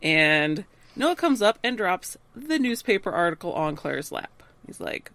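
A woman's voice: lowish voice, big pitch swings, normal speed, a bit bright, dry recording. Woman retelling scenes, acting out lines. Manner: narrates scenes, acting out characters' lines with laughs. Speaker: podcast co-host. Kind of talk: casual recap chat.

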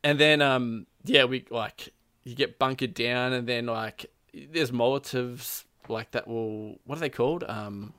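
A man chats casually, telling a long story full of fillers and quoted lines. His voice is bright and forceful, and the sound is dry, with little room echo. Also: mid-range voice, measured pace, smooth. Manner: rambling storytelling, lots of fillers. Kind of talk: casual chat.

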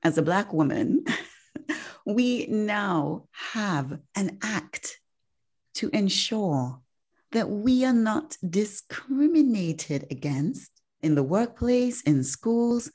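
A woman's voice: medium pitch, animated, very slow, a little mellow, husky. A woman hosting a casual podcast chat, chatty and emphatic, often laughing. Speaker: podcast host.

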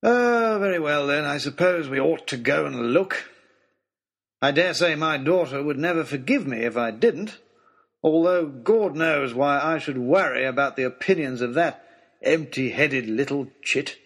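A man's voice: a little high, unhurried, a bit bright. A man voicing an irritable, haughty older lord who snaps his words. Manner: snappish, haughty.

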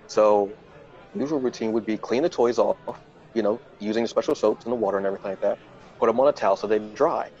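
A male podcast host telling a casual, self-mocking story and jumping into high, flustered voices when he quotes himself. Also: fairly even intonation, quick pace, darkish tone, highs cut off.

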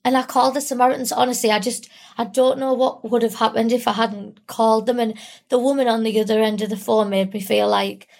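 A woman's voice: a little high, fairly even intonation, brisk, creaky, a little mellow. A young woman talking candidly and tearfully in an interview, rambling and full of fillers. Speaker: guest. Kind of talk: emotional personal interview.

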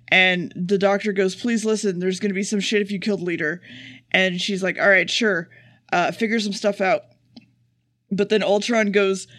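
Podcast co-host, man, high-pitched, dry close sound, sarcastic swearing recap. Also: fairly bright tone, no echo. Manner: profane, sarcastic, rapid plot summary. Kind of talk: casual chat, episode recap.

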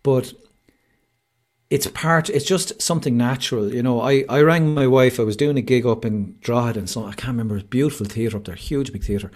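A man's voice: mid-range voice, a little fast, a little mellow. An Irish man, a podcast guest, telling his story openly and earnestly over a video call, with lots of "like" and "you know". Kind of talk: candid conversational interview.

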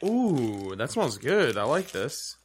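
A man on a snack-tasting show making dry, deadpan jokes. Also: medium pitch, slow pace, slight background noise. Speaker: guest. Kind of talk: casual chat tasting snacks.

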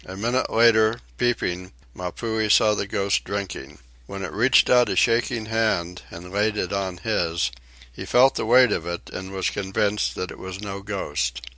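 A man reading a short story aloud in a measured, even storytelling way. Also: fairly low pitch, no echo. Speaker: audiobook reader. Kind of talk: audiobook narration.

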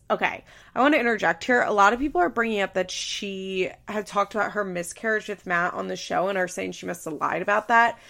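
A woman's voice: medium pitch, fairly quick, vocal fry, hardly any pauses, fairly bright tone. A woman hosting a podcast, giving casual commentary in a chatty way full of fillers. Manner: chatty, heavy on fillers like "like" and "you know". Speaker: podcast host.

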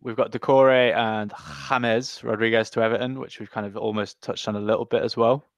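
A man's voice: lowish voice, steady tone, a little fast, no room sound, highs cut off. A man co-hosting a casual football podcast, laid-back and joking. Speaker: podcast co-host.

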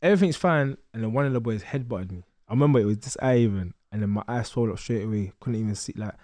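A young man telling a lively story as a podcast guest, acting out the voices of others. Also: fairly low pitch, fast, no echo. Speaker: guest boxer.

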